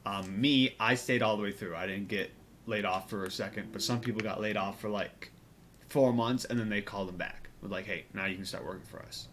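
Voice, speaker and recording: A man's voice: lowish voice, fairly even intonation, brisk, fairly bright tone, a little hiss or hum. A young man co-hosting a casual podcast, joking and talking loosely with a lot of fillers. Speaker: podcast co-host. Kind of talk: casual chat.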